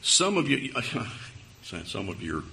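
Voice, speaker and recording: A man's voice: lowish voice, very animated, slow pace, creaky, bright, forceful tone, a little hiss or hum. A man preaching a sermon to a live congregation, telling a story in a conversational way with wry humor. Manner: speaks straight to a live congregation.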